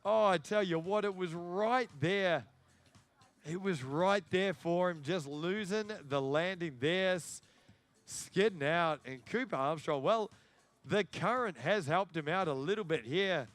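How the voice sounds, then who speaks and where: A man giving excitable live sports commentary and hyping up the crowd. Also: high-pitched, measured pace. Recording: faint music in the background.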